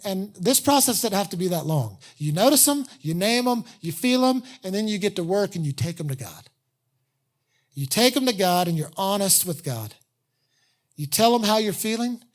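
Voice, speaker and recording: A man's voice: high voice, animated, moderate pace. Casual, joking man preaching a sermon. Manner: casual, self-deprecating, acts out inner voices. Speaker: pastor.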